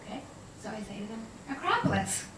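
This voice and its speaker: A woman, an animal communicator, tells animated, laughing stories to an audience. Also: fairly high pitch, a little slow, background noise. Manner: chatty, laughing, animated storyteller. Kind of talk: storytelling talk to an audience. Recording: distant, echoey room sound.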